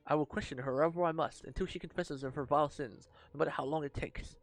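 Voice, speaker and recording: A man's voice: a little high, steady tone, normal speed, faint music behind, close to an everyday voice. A man voicing a relentless male judge who barks orders and threatens. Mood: menacing. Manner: commanding, forceful. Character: stern, relentless male witch-hunting judge.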